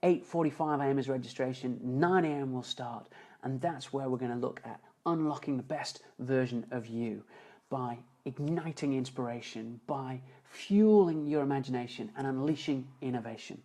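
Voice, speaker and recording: A man telling an emotional story as a motivational speaker on a live stream, earnest, slowing and dropping softer for emphasis. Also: mid-range voice, low-quality recording. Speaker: motivational speaker and seminar founder. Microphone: phone or webcam on a live stream.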